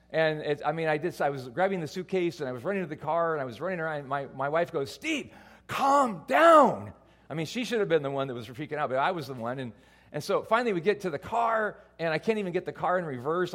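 A male pastor preaching to his congregation, mixing a funny personal story with his sermon. He tells it in an animated, self-mocking way, in a voice a little higher than most men's. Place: church before a congregation.

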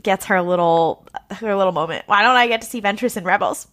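A woman in casual, rambling fan chat, excitable and swearing often. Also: mid-range voice, fairly quick.

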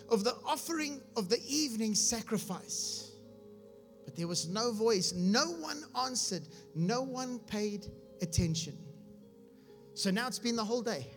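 A man's voice: very high-pitched, a bit bright. A man preaching, reading scripture aloud and explaining it with humor, often asking if his listeners follow. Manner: asks his audience if they follow. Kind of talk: sermon.

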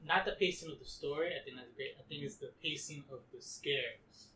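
A man chatting casually about a horror movie, animated and quick to laugh. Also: fairly high pitch. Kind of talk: casual movie review chat. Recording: echoey room, far from mic, faint noise.

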